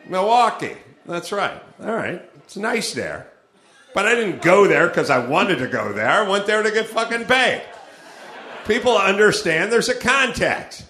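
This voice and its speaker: A man's voice: high voice, pushed and bright. A middle-aged man from Los Angeles hosting a live comedy show, riffing and acting out the people he quotes. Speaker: podcast host. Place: comedy club stage. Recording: roomy live club sound.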